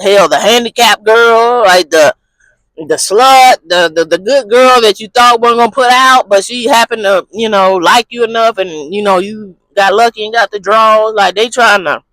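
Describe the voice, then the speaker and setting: High, bright-voiced man chatting in a car. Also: no room sound, poor audio. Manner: candid, rambling, slangy and profane. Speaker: vlogger, channel host. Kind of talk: casual talking-head vlog. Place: parked car in a parking lot.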